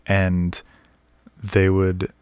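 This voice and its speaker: A man's voice: low voice, monotone, very slow, darkish tone, clear, resonant tone, no room sound. A man who is a vocalist, talking casually and bluntly to camera, swearing freely and counting out rhythms as he explains. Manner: candid and blunt, frequent swearing and fillers; taps out rhythms while explaining.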